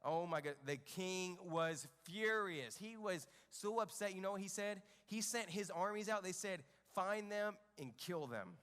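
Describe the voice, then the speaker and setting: A man's voice: sits high, moderate pace, hardly any pauses, clear, resonant tone, long reverb tail. A man leading a children's church lesson, acting out a Bible story and asking the kids questions. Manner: animated, asks the children questions. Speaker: children's ministry leader. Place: church kids' room stage.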